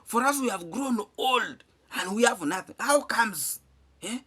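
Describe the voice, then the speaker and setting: A man's voice: high voice, lively intonation, a little slow, bright, forceful tone, husky, voice pushed up, exaggerated voice. An envious older village man grumbles in a raised, scornful voice, as a vlogger puts him on. He questions everything with disbelief.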